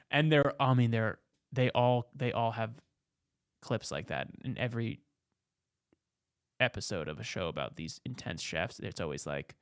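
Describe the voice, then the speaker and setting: Brief: excitable male host doing comedic commentary, gravelly voice. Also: lowish voice, normal speed, pauses often, dry recording, studio quality. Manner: excitable, jokey riffing.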